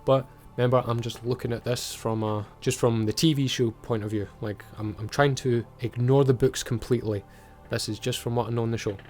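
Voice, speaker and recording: A man's voice: medium pitch, steady tone, a little fast, hardly any pauses, a little mellow, soft background music. A man with a Scottish accent giving a casual, blunt and sweary recap of a TV episode. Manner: blunt, swears freely, chatty. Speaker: TV show reviewer.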